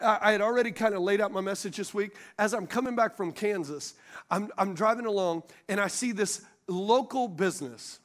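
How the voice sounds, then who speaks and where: A man preaching a sermon as pastor, calling out questions to the congregation and laughing at his own stories. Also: sits high. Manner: animated preaching with call-and-response questions to the congregation.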